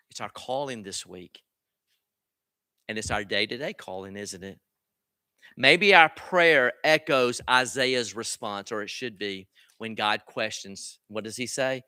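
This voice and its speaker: A man's voice: fairly low pitch, measured pace, sharp tone, smooth, no echo. A man preaching a sermon as a pastor, earnest and direct, often asking his listeners rhetorical questions.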